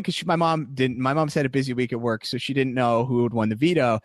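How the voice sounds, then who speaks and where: A young man hosting a casual recap podcast, chatty and animated, laughing often and acting out what others said. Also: brisk, few pauses, dry recording, clean studio sound. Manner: animated, acts out quotes in high voices, laughs often. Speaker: podcast host.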